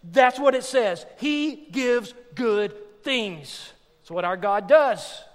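Animated high-voiced preacher in a hall. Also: male voice, slow. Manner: animated, joking, swings from loud to hushed. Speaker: pastor. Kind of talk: sermon.

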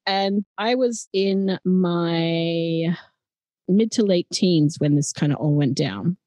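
A woman's voice: fairly low pitch, slow, warm tone, dry recording. A woman with an Australian accent, co-hosting a true-crime podcast and explaining the story in an earnest, conversational way. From Adelaide, South Australia. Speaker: podcast co-host.

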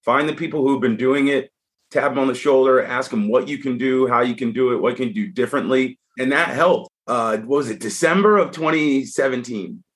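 A man telling a story as a podcast guest in casual conversation, animated and frank, with frequent restarts. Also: mid-range voice, fairly quick.

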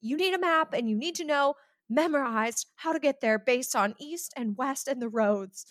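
A woman's voice: high-pitched, animated, normal speed, no echo, clean studio sound, voice pushed up. A woman voicing her insistent mother, scolding in a put-on accent. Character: insistent mother lecturing about maps.

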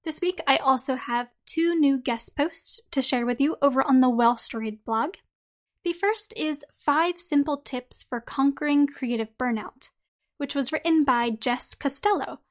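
A woman hosting a podcast who talks straight to her listeners in a friendly way and then reads out her own article, her voice slightly croaky today. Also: high voice, a little slow. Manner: friendly, direct address to listeners. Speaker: podcast host. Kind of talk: podcast monologue and article reading.

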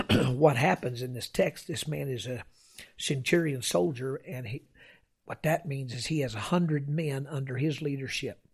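Gravelly-voiced man preaching a sermon. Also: mid-range voice. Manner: unhurried, many "uh" fillers, reads old-style scripture aloud. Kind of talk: sermon-style teaching with personal story.

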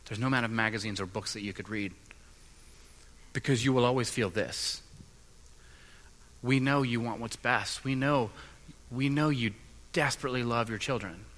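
A man's voice: medium pitch, moderate pace, pauses often, a bit bright. A man preaching a sermon as pastor, with an earnest delivery that builds in intensity. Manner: earnest and building, with mimicked voices.

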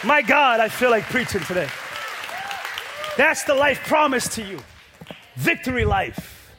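A man preaching a sermon to a congregation, building from quiet, low lines to loud, shouted peaks with rhythmic repetition. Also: sing-song, measured pace, crowd noise, noisy background. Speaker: pastor. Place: church.

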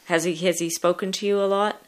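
A woman hosting a podcast, asking questions and explaining history in a lively, inquisitive way. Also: fairly low pitch, quick pace. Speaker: podcast host. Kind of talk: casual interview and explanation.

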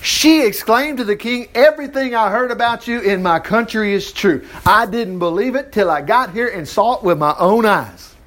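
A man's voice: sits high, normal speed, few pauses, fairly bright tone. A man preaching a folksy sermon, reading scripture aloud and acting out little dialogues with jokes and laughs. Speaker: pastor.

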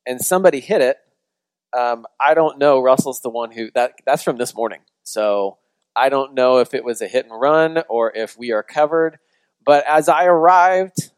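A man's voice: fairly high pitch, no room sound, poor audio. A man preaching a sermon as a pastor, telling a story in a conversational way with frequent restarts before leading into prayer.

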